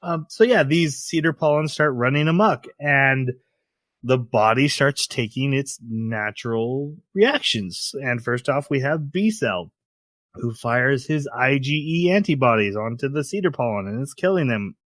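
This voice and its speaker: A man's voice: mid-range voice, a little slow, a bit bright, no echo, studio quality. A man hosting a casual podcast, rambling through an anime episode, laughing often and acting out quotes. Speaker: podcast host.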